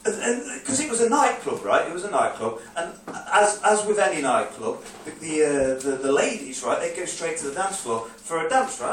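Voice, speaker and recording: A man's voice: on the high side, sing-song, normal speed, few pauses, slight background noise. Stand-up man, echoey room, far off. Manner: rambling storytelling, acts out drunk clubbers in shouted bursts. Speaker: stand-up comedian. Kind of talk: stand-up comedy set. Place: comedy club stage, live audience. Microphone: phone recording from the audience.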